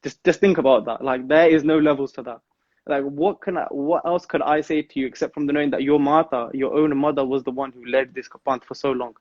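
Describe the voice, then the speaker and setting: Fast-talking man, earnest devotional talk. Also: medium pitch, steady tone, no room sound, muffled recording. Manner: earnest, mixes in Punjabi phrases. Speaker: guest speaker on a live stream.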